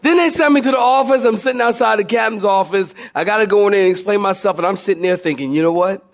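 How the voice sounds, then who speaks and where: A man preaching a sermon as pastor, telling a humorous personal story to his congregation with animated delivery. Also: high-pitched, quick pace. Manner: southern-style "y'all" to congregation.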